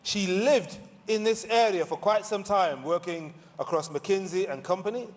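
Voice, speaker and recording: Male stage moderator, playful and animated, lifted pitch, big reverberant venue. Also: moderate pace. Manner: animated, playful, theatrical emphasis. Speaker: panel moderator. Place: large conference hall. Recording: reverberant hall.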